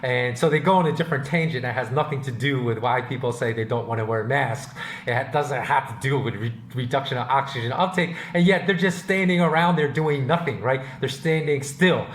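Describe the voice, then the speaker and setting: A man's voice: mid-range voice, brisk, slight background noise. A man hosting a podcast, talking in a rambling, emphatic and opinionated monologue. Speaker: podcast host. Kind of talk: casual monologue. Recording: roomy echo.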